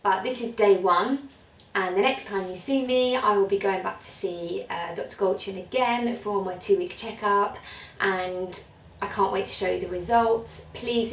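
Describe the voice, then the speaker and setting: Young woman vlogging, rambly chatty talk, mid pitch, bit far from the mic in an echoey room. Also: a little hiss or hum. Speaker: beauty vlogger. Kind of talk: casual talk to camera. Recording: roomy sound, mic set back.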